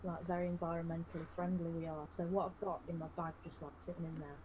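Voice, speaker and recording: A woman, telling a rambling, deadpan comic story on a live game stream, full of fillers. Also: on the low side, fast talker, heavy background noise.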